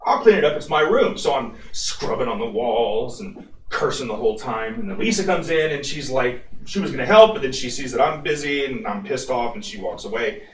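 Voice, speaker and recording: A man co-hosting a radio after-show, telling a story in an animated, profane way. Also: medium pitch, moderate pace, slight background noise. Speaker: radio co-host. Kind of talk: casual storytelling chat. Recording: echoey room, mic at a distance.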